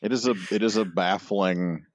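A man's voice: sits low, normal speed, dry recording, clean studio sound. A man co-hosting a comics podcast in casual chat, sardonic and profane, griping with exasperation. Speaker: podcast co-host.

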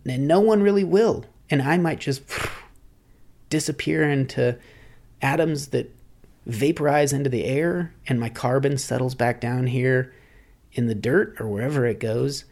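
Male podcast host, gravelly, reflective rambling monologue. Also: mid-range voice, darkish tone. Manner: musing, rambling, philosophical.

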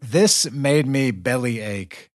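Extremely slow but with lively intonation, this man's medium-pitched voice is clean, studio-quality and echo-free, captured remotely for a virtual studio. Hosting a podcast, he spins a story in a relaxed, cheerful chat with many fillers and laughs.

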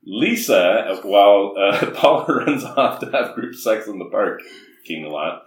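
Animated, mocking podcast co-host. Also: male voice, on the low side, measured pace. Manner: profane, mocking, acts out scenes in voices. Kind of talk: casual comedic film review. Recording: roomy echo, a bit off-mic.

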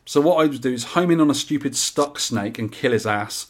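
A man's voice: medium pitch, lively intonation, fairly quick. A man chats on his podcast, his voice sitting in the middle of the range. He explains game rules in an easygoing, lightly joking way, as if talking to a friend across the table. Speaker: podcast host. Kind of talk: casual podcast chat.

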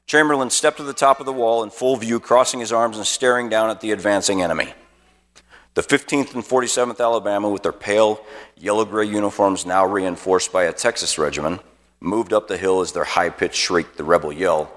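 A man's voice: on the low side, a little fast, a bit bright, big-room sound. A man, a pastor, preaching a sermon by telling a battle story with vivid dramatic narration. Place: church auditorium.

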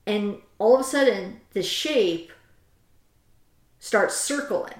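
A woman of middle pitch hosts a casual chat, retelling a story with lively energy and stopping to read passages aloud. Her voice carries a roomy echo. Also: slow. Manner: animated retelling, reads quotes aloud. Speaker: host.

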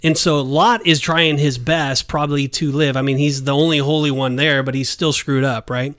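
A man's voice: a little high, steady tone, normal speed, a bit bright, no echo, clean studio sound. A man co-hosting a casual Bible discussion podcast who talks emphatically and acts out the scenes he describes. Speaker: podcast co-host.

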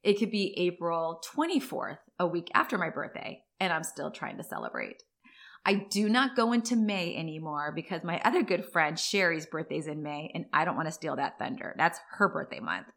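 Chatty woman in her forties, bright voice. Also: on the low side, lively intonation, normal speed. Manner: chatty, rambling, with tangents. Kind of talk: casual personal storytelling.

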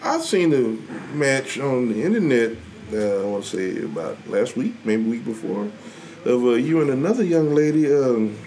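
A man co-hosting a podcast, asking the guest questions in a halting way full of fillers. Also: mid-range voice, big pitch swings, mellow, a little hiss or hum, rough recording. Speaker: podcast co-host. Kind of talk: casual chat.

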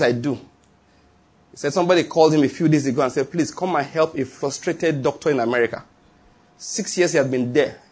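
A man's voice: a little high, a little mellow, husky. A man preaching a sermon, repeating lines and chuckling as he tells stories. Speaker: pastor.

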